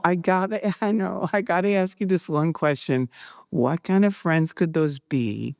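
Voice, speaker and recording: A woman recounting her personal experiences, animated and acting out the dialogue she quotes. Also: on the low side, unhurried, no room sound, clean studio sound. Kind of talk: personal storytelling.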